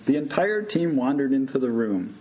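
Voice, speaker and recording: A man, a surgical resident, telling a true story live to an audience in an unhurried manner. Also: mid-range voice, very animated, warm tone, slight background noise, rough recording.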